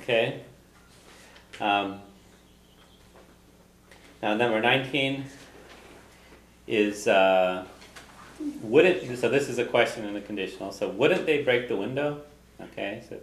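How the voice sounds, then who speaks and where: A man teaching a language class, patiently drilling phrases slowly so students can repeat them. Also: fairly low pitch, animated, a bit bright, reverberant, poor audio.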